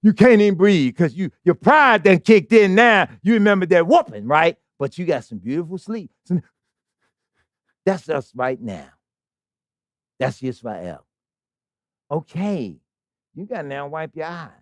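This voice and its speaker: A male preacher delivers a sermon full of rhetorical questions and call-and-response. His voice sits fairly high and moves through a wide, animated range. The recording is dry and close, with almost no room echo. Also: unhurried, long pauses. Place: congregation hall.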